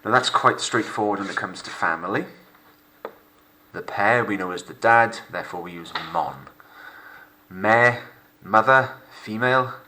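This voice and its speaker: Male teacher, deep bright voice, narrating a recorded French lesson with careful, slow pronunciation. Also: slight background noise. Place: home recording for lockdown learning.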